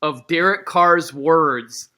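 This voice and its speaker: A man guesting on a sports talk show, animated, opinionated and jokey. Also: fairly high pitch, takes it slowly.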